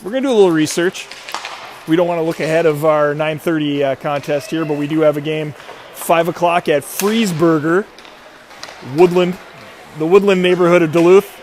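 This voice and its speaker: Midwestern male co-host, chatty and meandering, a touch high-pitched, faint background noise. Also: steady tone, normal speed, a little mellow. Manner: rambling, chatty, self-mocking. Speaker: youth hockey stream commentator. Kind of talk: casual livestream commentary.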